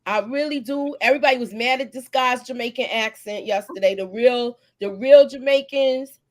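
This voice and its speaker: A woman's voice: fairly high pitch, moderate pace. Chatty woman hosting a live recap. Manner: animated, chatty, greets viewers, laughs often. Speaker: live stream host. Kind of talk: casual live recap chat.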